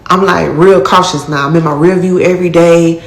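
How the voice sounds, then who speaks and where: A woman's voice: on the low side, fairly even intonation, brisk, echoey room. A woman telling her own life story in casual, blunt street talk, acting out what people said. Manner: blunt, profane street talk with acted-out quotes. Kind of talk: casual first-person storytelling.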